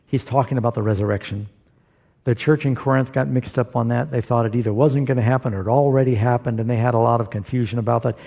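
A man's voice: mid-range voice, dark tone, husky. A man preaching as a pastor, explaining Bible verses to a live audience in an emphatic, explanatory way. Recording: long hall reverb.

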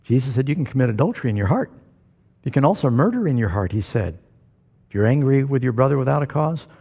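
Pastor, male, folksy preacher with a husky, warm voice, working a live church crowd. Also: medium pitch, big pitch swings, quick pace. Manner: folksy, joking preacher who asks the crowd for responses. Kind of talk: sermon to a congregation. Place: church before a live congregation.

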